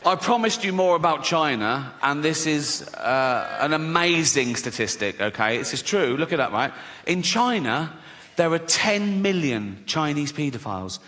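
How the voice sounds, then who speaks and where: A man's voice: a little high, expressive, a little slow, sharp tone. A man with an English accent doing a stand-up routine, chatty, teasing the crowd and laughing at his own jokes. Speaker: stand-up comedian. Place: large concert hall on stage. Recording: echoey hall, live audience noise.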